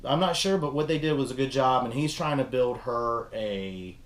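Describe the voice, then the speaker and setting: A man's voice: mid-range voice, moderate pace, roomy sound. A young man casually chatting as a film review host, rambling and swearing as he retells scenes. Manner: rambling, profane, animated retelling. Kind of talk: casual chat.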